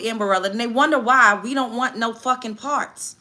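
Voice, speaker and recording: Woman livestreaming from her home set, bright sharp voice, blunt and profane, indignant, talks back to chat. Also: on the high side, brisk. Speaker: livestream host. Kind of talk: heated livestream rant reading chat comments. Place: home set while doing makeup.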